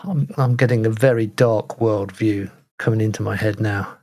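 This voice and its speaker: A British man co-hosting a podcast, chatting casually with a jokey, self-mocking manner and an animated delivery. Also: on the low side, moderate pace. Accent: British English. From Britain. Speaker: podcast co-host. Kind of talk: casual chat.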